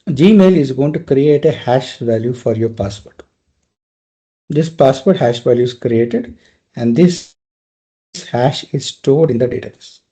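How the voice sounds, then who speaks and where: A man's voice: medium pitch, mellow, dull audio. A male trainer giving a live technical lecture, explaining step by step and often checking in with "right?".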